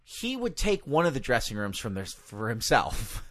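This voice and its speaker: A former ring announcer co-hosting a casual podcast speaks at normal speed in a mid-range voice. He's an animated storyteller in this casual storytelling chat, acting out lots of quotes and swearing.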